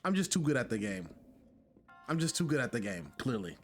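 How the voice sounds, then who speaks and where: A man streaming a game live, talking to his chat in a jokey, excitable way and repeating himself when flustered. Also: medium pitch, fairly quick, soft background music. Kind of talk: live gameplay commentary.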